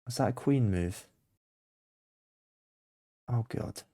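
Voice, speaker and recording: A man's voice: medium pitch, slow pace, dry recording, clean studio sound. A man thinking aloud as he plays blindfold chess for his channel, muttering his moves and getting flustered when he loses track of the board. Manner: mutters moves to himself, swings between quiet focus and flustered panic. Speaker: chess content creator.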